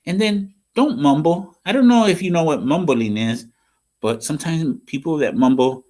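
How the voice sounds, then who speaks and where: A man with a slightly high-pitched voice teaches young children as a school counselor. He talks in a patient, sing-song way and keeps checking in with a quick "okay?". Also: lively intonation, sharp tone. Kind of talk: classroom lesson for young children.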